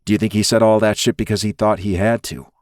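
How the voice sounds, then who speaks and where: A man voicing a calm, protective male friend from a mob family, who asks steady, probing questions. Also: lowish voice, quick pace, no echo, studio quality, natural voice.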